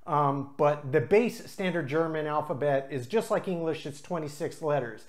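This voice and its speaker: This is a mid-range male voice belonging to a craft beer reviewer on his own channel. He samples and describes beers casually and off the cuff, talking a lot and pausing often with fillers.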